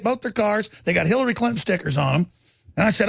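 A middle-aged man hosts talk radio in a rough, gravelly voice with a husky edge. He rambles and stammers through a heated monologue, often leaping higher in pitch as he gets worked up. The sound is dry and close to the mic. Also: lively intonation, fast, a bit bright, no echo. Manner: rambling, stammering, voice jumps when riled. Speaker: radio talk show host.

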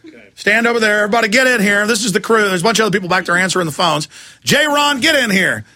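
A man hosting a live talk radio show, loud and hyped, shouting during a fundraising pitch. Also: lively intonation, quick pace.

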